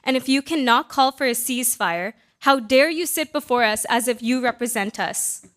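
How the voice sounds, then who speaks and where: A woman's voice: fairly high pitch, moderate pace, a bit bright. A young woman giving an impassioned, accusatory public comment at a city council meeting. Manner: impassioned, accusatory, rising to pleading.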